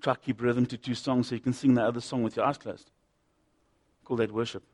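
A middle-aged man preaching a sermon, impassioned, swinging from loud urgency to hushed intensity. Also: medium pitch, flat delivery, brisk.

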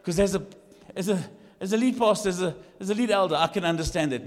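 A man, a lead pastor, preaching in a church, jokey and animated, jumping from shouts to quiet asides. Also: sits high, quick pace, long reverb tail. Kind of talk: sermon. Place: church hall.

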